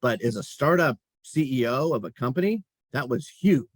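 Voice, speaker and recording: A middle-aged man with a husky, slightly breathy voice talks through his career in an easygoing interview. He tells it as animated stories and chuckles as he goes. The recording is close and dry, with no room sound. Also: mid-range voice, moderate pace, no echo. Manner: animated storyteller, chuckles while talking. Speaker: guest, company chief executive. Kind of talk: casual interview conversation.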